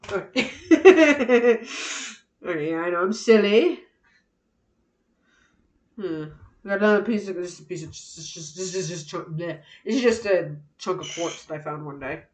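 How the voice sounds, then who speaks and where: A woman chatting playfully to herself while building a craft project, often dropping to soft murmurs. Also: fairly low pitch, expressive, normal speed. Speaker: craft vlogger. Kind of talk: casual narration while crafting. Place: indoors at a craft table. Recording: roomy echo.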